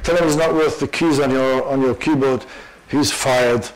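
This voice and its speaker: A man's voice: mid-range voice, fairly even intonation, normal speed, natural voice, rough recording. A man voicing an impatient male boss who barks insults down the phone. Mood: angry. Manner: barking, insulting.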